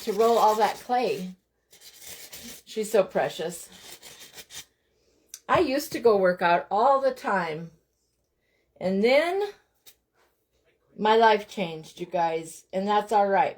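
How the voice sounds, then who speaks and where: Chatty woman hosting a live craft demo. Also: medium pitch. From Montana. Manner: chatty, greets viewers by name, frequent "you guys". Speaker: craft livestream host. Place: home craft room.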